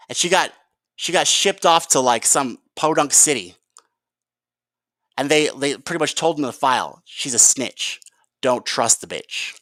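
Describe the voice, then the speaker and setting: A man's voice: fairly high pitch, a bit bright, dry recording. Angry ranting man, dry sound. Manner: ranting, profane, repeatedly addresses viewers as guys. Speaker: video commentator. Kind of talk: heated political commentary vlog.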